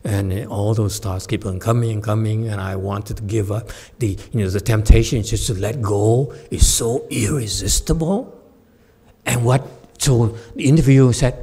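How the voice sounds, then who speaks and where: A man giving a Buddhist Dharma talk as a Chan master, telling a story with lively acted-out quotes. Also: fairly low pitch, moderate pace, husky. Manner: animated storyteller who acts out quoted speech and laughs at his own jokes.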